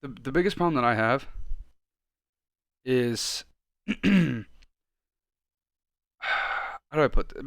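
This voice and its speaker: A man co-hosting a podcast in casual chat, ranting and swearing freely and getting loud when worked up. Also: medium pitch, clear, resonant tone, no echo, clean studio sound. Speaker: podcast co-host.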